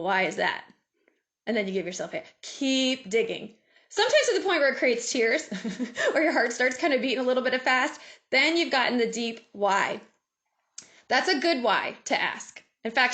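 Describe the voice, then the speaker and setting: A woman giving a lively motivational talk over a video call, laughing often and acting out inner voices. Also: a little high, normal speed. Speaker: guest speaker.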